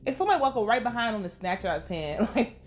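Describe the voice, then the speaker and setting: A woman's voice: a little high, fast, a little hiss or hum. A young woman giving a casual, profane, laughing recap of a TV episode. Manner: animated, profane, laughing running commentary. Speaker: TV recap host.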